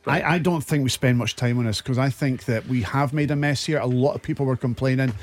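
A man's voice: mid-range voice, steady tone, brisk. A Scottish man co-hosting a football podcast in casual chat, chatty and sometimes fumbling for words. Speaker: podcast co-host.

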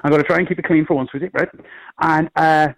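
A middle-aged Irish man, a comedian, telling rambling, animated anecdotes in casual chat. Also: a little high, fast talker, poor audio. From Ireland. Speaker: comedian guest. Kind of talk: casual storytelling.

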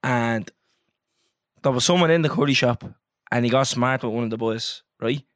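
A man's voice: medium pitch, normal speed, no room sound, studio quality. A young man, co-hosting a casual chat and telling funny stories with frequent laughter. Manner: animated storyteller, laughs often. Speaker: podcast co-host.

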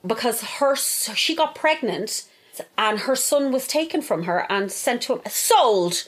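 A woman's voice: fairly high pitch, animated, unhurried. A woman with an Irish accent, co-hosting a casual chat and talking heatedly, swearing and acting out what others say. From Ireland. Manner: heated, swearing, acts out quotes.

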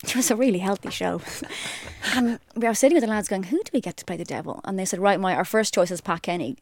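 Lively woman telling stories. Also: mid-range voice, quick pace, a little hiss or hum. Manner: lively storytelling, laughs often. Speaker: podcast co-host. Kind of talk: casual chat.

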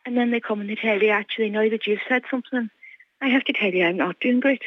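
A middle-aged woman with a Donegal Irish accent, speaking earnestly with halting restarts as an interview guest. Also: fairly high pitch, no room sound. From Ireland. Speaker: guest, mother. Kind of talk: emotional phone interview. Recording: dry tinny phone line.

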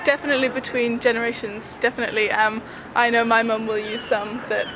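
A woman's voice: on the high side, level tone, brisk. A young woman college student answering a street interview in a friendly, chatty way with lots of fillers. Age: young adult. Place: outdoors on a street. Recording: street recording with traffic noise. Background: traffic.

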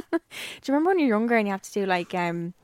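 A woman's voice: medium pitch, sing-song, fast talker, no room sound. A young woman in her twenties, co-hosting a podcast and telling stories in casual, chatty talk with the odd swear. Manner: chatty storyteller, swears freely. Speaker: podcast co-host. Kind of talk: casual chat.

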